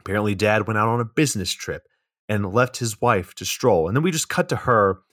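Deadpan young man, low dry voice. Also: fairly quick, no echo. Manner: dry, deadpan, crude joking. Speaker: podcast co-host. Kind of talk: casual comedic movie recap.

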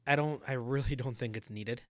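Young male co-host, mid-range voice, dry close recording, calm and matter-of-fact. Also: mid-range voice, fairly quick, no echo. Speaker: podcast co-host. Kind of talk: casual chat.

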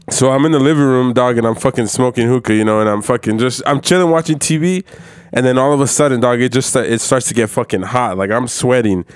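A man's voice: mid-range voice, fast, smooth, no echo, clean studio sound. A young man casually telling a crude story on a podcast, loose and profane, laughing as he goes. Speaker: podcast co-host.

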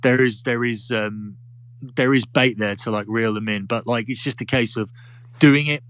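A man's voice: mid-range voice, steady tone, moderate pace, fairly bright tone, clear, resonant tone. A man who works as a club DJ, chatting on a podcast in a rambling way and often restarting his sentences. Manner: rambling, with frequent restarts and self-corrections. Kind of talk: casual chat.

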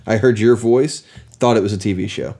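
A man's voice: lowish voice, fairly quick, warm tone. A man hosting a casual podcast chat with his son, joking and teasing playfully. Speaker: podcast host.

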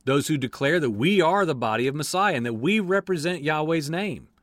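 A man delivers a heartfelt sermon with earnest, emphatic conviction. His voice sits a little high and moves through a wide, animated range. The recording is dry and close, with no room sound. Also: fairly quick, no room sound. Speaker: preacher. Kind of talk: impassioned sermon.

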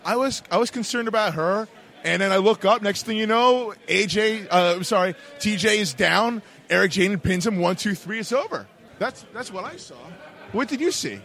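A man's voice: sits high, lively intonation, normal speed, gravelly, a bit bright. A man playing a wrestling manager who stammers and defends himself. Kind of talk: wrestling backstage interview.

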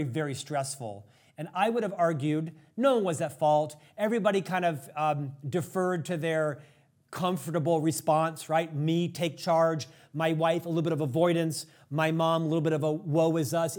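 A man hosting an interview, telling a family story in a candid, self-deprecating way. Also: on the high side. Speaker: podcast host.

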